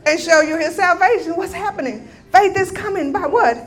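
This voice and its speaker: A woman's voice: very high-pitched, normal speed. A woman giving a sermon testimony, telling a healing story with emphatic declarations. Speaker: guest speaker.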